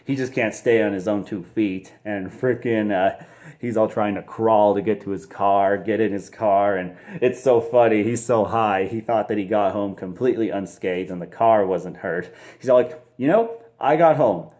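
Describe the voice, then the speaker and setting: A man's voice: fairly low pitch, steady tone, moderate pace, darkish tone. A man casually reviewing a movie, rambling with lots of fillers and frequent laughs.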